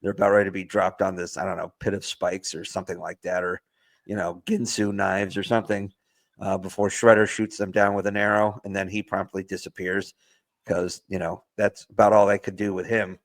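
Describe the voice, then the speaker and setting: A man's voice: deep voice, little pitch movement. A man co-hosting a podcast, casually recapping a movie plot with lots of filler words. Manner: rambling plot recap with filler words and quick put-on quotes. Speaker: podcast co-host. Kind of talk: casual movie review chat.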